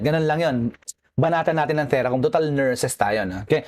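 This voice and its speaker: This man speaks at a racing clip in a fairly high register, with a Filipino accent. As a nursing professor lecturing online, he jokes around, chats freely, and keeps asking how his students are doing.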